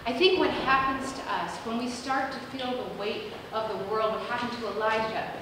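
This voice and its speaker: A woman pastor preaching a sermon, telling a story with lively acted-out quotes. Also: a little high, normal speed, distant mic, background noise. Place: large church sanctuary. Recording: echoey church hall recorded from afar.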